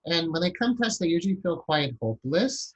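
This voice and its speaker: A man interviewing a guest in a relaxed conversation. He talks at length, strings together long examples and keeps checking in with "right?". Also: on the high side, fairly quick, slightly rough, rough recording. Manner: talkative, builds long examples, frequent "right?". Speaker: interviewer and hypnotherapy teacher.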